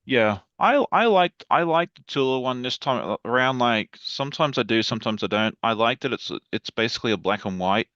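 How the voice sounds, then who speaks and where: A man's voice: medium pitch, lively intonation, fairly quick, hardly any pauses, fairly bright tone, no room sound, lo-fi sound. A man chatting as a guest on a livestream over a video call, enthusiastic and rambling. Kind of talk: casual livestream chat.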